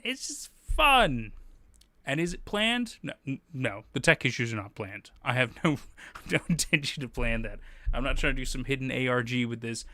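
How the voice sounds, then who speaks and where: Male stream host, animated and laughing easily, slightly high, crisp bright voice. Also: no room sound. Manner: animated, laughs often, swears casually. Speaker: livestream host. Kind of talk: casual livestream chat.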